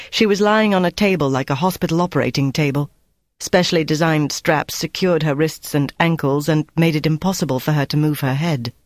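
A man reading a novel aloud in steady, measured scripted narration. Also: fairly high pitch, no echo, studio quality. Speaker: audiobook narrator.

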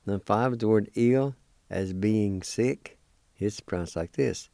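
A man with a low, mellow voice works through a radio language lesson, spelling each word out one letter at a time. He speaks in an unhurried, deliberate way and encourages his listeners. The sound is dry, with no room around it. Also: gravelly, no room sound. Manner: encouraging and patient.

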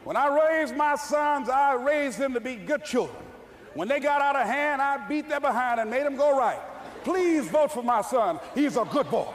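A man's voice: very high-pitched, expressive, moderate pace, a little hiss or hum. A man voicing his elderly mother in a firm, homespun way as she vouches for her son. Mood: proud.

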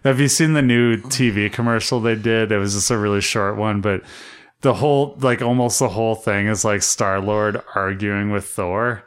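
A man's voice: on the low side, fairly even intonation, normal speed, smooth. A young man in casual podcast chat, rambling with lots of "like" and "you know". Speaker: podcast co-host.

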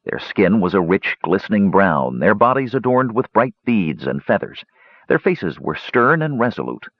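A man reads a fantasy audiobook in a measured storytelling voice. His voice is very deep and husky, with lively pitch. The recording is dry and muffled. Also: dry recording. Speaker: audiobook narrator. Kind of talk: scripted fantasy narration.

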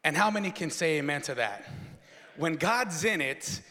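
A man preaching a sermon to a congregation, telling a story with rising excitement and shouting. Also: on the high side, moderate pace. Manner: animated, builds to excited shouting. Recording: long hall reverb.

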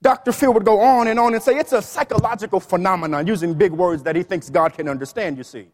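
A man preaching a sermon in a lively, playful way, with quick asides and bits of song. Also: sits high, in a large hall. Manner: animated preaching with playful asides and sung snippets.

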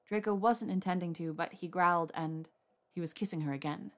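A woman narrating a romance story aloud in a soft, unhurried reading voice. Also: on the low side. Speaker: audiobook narrator.

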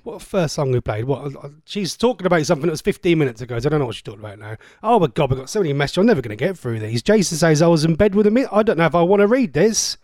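A man with a fairly high, darkish voice presents a radio show, talking very fast with lively intonation and hardly any pauses. He chats casually and cheekily, rambling and often stammering into restarts as he reads out listener messages. The studio-quality recording from a radio studio has no echo.

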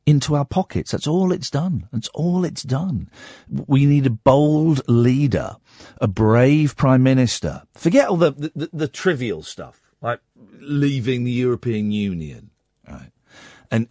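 A croaky, husky man hosting a late-night radio show, his pitch swinging widely as he rambles and rants with a sardonic edge. His voice is recorded dry and close on a studio microphone. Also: mellow, no echo.

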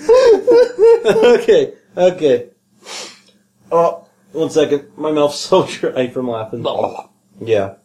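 Slow, lively, giggly man. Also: a little high. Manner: giggly and playful, laughs often. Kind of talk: casual chat reading texts aloud.

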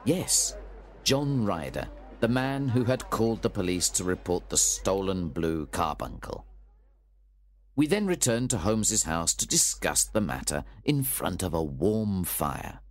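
A man narrating a storybook with a clear, even-paced reading. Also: sits low, a little slow.

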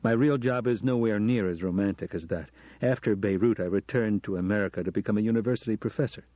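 A man's voice: on the low side, fast talker, dry recording, close to an everyday voice. A man reading an audiobook, voicing an American male professor who earnestly and self-deprecatingly confesses to the woman he loves, on a dull recording. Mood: confessing.

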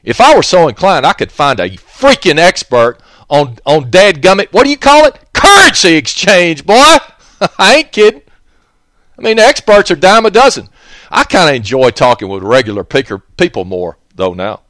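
A man's voice: on the high side, sing-song, normal speed, a bit bright, no echo, clean studio sound. A man hosting a radio talk show, rambling in a folksy way and chuckling to himself between thoughts.

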